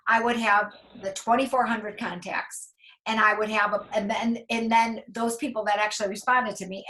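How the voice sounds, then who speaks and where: An enthusiastic woman leading a casual team training over a video call, talking through numbers out loud. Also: on the high side, poor audio.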